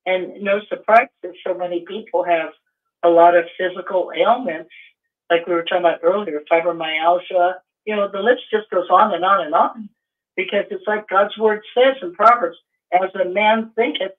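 A man with a notably high voice comes through a narrow, phone-like line. He hosts a casual chat, affirming his guest and preaching his points with conviction. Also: normal speed.

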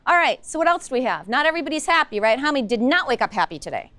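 A woman's voice: high voice, very animated, fast talker, few pauses, fairly bright tone. A woman teaching a social-emotional learning lesson in a school classroom, upbeat and coaxing, firing questions at the class.

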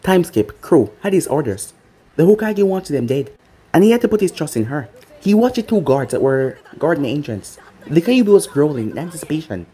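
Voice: medium pitch, husky. A storyteller reading a fan-made anime story aloud, acting out each character. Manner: animated, acts out the characters. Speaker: channel storyteller.

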